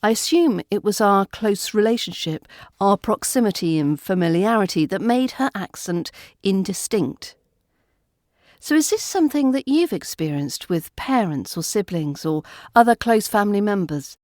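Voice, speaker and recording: A woman with a British RP accent hosting a podcast lesson on accents, speaking in a clear, measured teaching manner into a close mic. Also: mid-range voice, a little mellow, no echo. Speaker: accent coach and podcast host.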